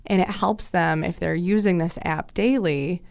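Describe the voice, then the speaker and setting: A woman's voice: on the low side, unhurried, creaky, darkish tone, clean tone, no room sound. A woman who works as a child and adolescent counselor, chatting casually in a podcast interview and explaining things with everyday examples.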